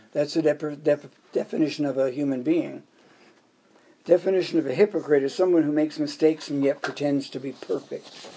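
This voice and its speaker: A pastor preaches a sermon, telling joke anecdotes and counting off his points in order. His voice is a little high, gravelly, and mellow, with slight background noise.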